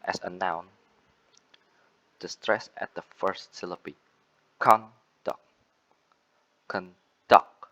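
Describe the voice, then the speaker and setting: Young Indonesian-accented man, low voice, unhurried student presenter. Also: steady tone, sharp tone, muffled recording. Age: young adult. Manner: repeats example words to show stress, with fillers and self-corrections. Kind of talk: class presentation on word stress.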